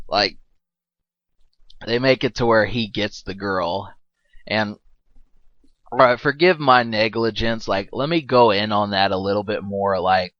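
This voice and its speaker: A man's voice: lowish voice, unhurried, pauses often, dry recording, dull audio. A man giving a rambling, casual movie commentary, full of fillers and restarts and laughing often, swearing now and then.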